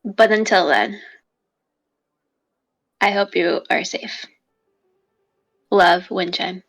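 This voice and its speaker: A woman's voice: fairly low pitch, extremely slow, a bit bright, faint music behind, full character voice, rough recording. A woman as a hesitant young adventurer. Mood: earnest. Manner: hesitant, with many ums. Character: young adventurer writing a letter home.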